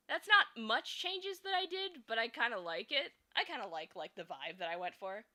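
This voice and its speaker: This streamer and fan artist has a highish, pushed, bright voice with lively intonation and a moderate pace. The young woman chats casually while drawing, thinking out loud and giggling often between fillers.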